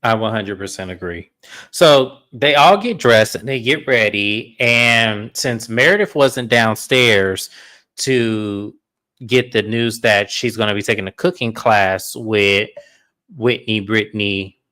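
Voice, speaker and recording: A man co-hosting a casual reality TV recap, telling the story with animated flair and acting out what people said. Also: on the low side, slow pace. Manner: animated storytelling, acts out quotes. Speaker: co-host.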